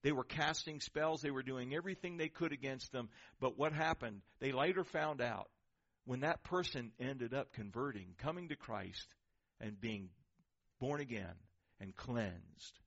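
A man preaching a sermon in church, acting out the voices he quotes with lively energy. His voice sits in an ordinary middle pitch. The recording is dull and lo-fi. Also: measured pace, creaky. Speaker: pastor.

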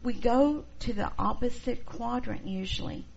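A middle-aged woman teaching a church class, expressive and acting out the people she quotes. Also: fairly high pitch, unhurried, vocal fry, breathy edge. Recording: dull lo-fi recording, faint noise.

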